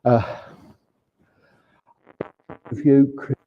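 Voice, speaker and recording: At a service in a large village hall, a man working as a medium passes on spirit messages, often saying "he says." His medium-pitched voice is level, with drawn-out words, and the recording is reverberant, dull, and lo-fi.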